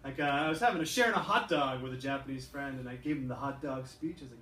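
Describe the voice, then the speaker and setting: A Canadian man doing a stand-up comedy set, animated and acting out characters, with a laughing audience. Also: mid-range voice, fast. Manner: animated, acts out characters in put-on voices. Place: club stage with a laughing crowd. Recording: roomy, distant crowd recording.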